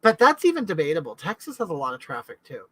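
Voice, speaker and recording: A woman's voice: low voice, huge pitch swings, fast, slightly rough, no echo, low-quality recording. A middle-aged woman from California, hosting a casual live chat in a rambling way and answering viewers' comments. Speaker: livestream host.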